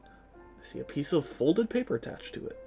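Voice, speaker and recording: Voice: medium pitch, very animated, moderate pace, gravelly, music in the background. Chatty streamer thinking aloud. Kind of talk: casual let's-play commentary.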